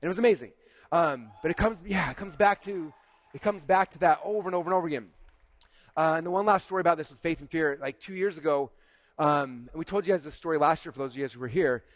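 A man tells stories from a conference stage at a rapid clip, with a somewhat high voice. He acts out the dialogue and leans on "like" as he goes. The sound is dry, with no room echo. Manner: animated, acts out dialogue, frequent "like". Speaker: keynote speaker. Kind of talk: storytelling keynote.

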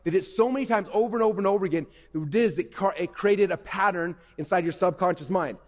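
High-voiced guy giving a pumped-up talk to kids, playful, emphatic, big echoey hall. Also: fast talker, darkish tone. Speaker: motivational speaker. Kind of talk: live presentation to young people. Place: event hall. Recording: reverberant hall.

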